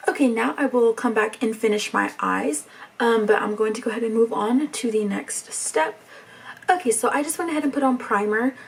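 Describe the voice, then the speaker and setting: A young woman, talking softly through a makeup tutorial in a rambling, near-whispered way. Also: fairly high pitch, normal speed, gravelly, breathy edge, distant mic. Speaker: beauty vlogger.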